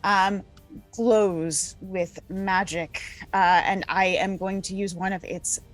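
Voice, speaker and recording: A woman playing a tabletop game, measured and slow as she explains her actions. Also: medium pitch, steady tone, soft background music. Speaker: player.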